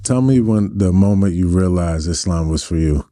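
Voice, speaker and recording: Brief: male interviewer, very deep, dark tone, dry sound, plain direct questions. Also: normal speed, dry recording.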